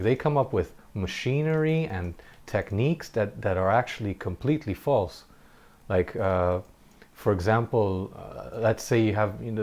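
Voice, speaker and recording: Earnest low-voiced man telling a story. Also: darkish tone. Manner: earnest and reflective, halting with frequent restarts; occasional short laughs while telling a story. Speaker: gameplay commentator. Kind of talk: casual personal storytelling over gameplay.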